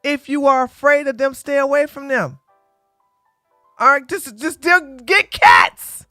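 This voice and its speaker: A woman's voice: high voice, lively intonation, measured pace, bright, forceful tone, no room sound, studio quality, soft background music. Blunt opinionated woman podcast host. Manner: blunt, opinionated, stumbling restarts. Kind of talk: casual political commentary livestream.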